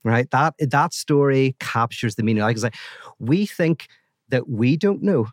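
A man talking as a guest philosopher in a casual podcast conversation, animated and full of restarts. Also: mid-range voice, a little slow, no room sound, studio quality. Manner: animated storytelling, many restarts.

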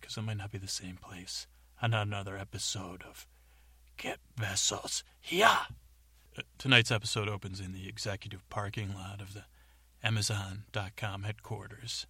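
A man's voice: on the low side, steady tone, moderate pace, sharp tone, breathy edge, dry recording. A man hosting a podcast, telling an improvised comic story in a rambling way that keeps wandering off on tangents.

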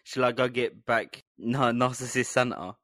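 A man's voice: medium pitch, moderate pace, a bit bright, no echo, studio quality. A man co-hosting a comedy podcast, chatting casually and laughing often. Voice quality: laughs a lot, slips into silly voices. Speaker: podcast co-host.

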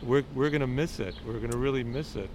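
Man, street interviewer; chatty and encouraging, mid-range pitch, light traffic noise behind. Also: fast talker. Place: city street outdoors.

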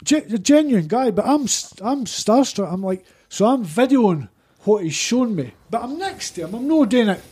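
Husky Scottish man telling stories. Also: very high voice, moderate pace, few pauses. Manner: rambling, excited anecdote teller. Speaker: podcast guest. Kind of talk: casual storytelling chat.

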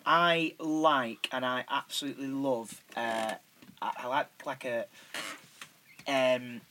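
A man's voice: mid-range voice, steady tone, takes it slowly, sharp tone, a little hiss or hum. A man with a South Manchester accent, chatting on a podcast in a rambling, sweary way with lots of fillers. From Manchester, England. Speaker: podcast co-host. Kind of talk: casual podcast chat.

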